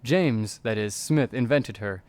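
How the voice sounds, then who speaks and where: A man's voice: medium pitch, a little slow, a little mellow, lightly acted. A man reading aloud the lines of a young woman spy and former pickpocket in a game, in a lightly raised voice.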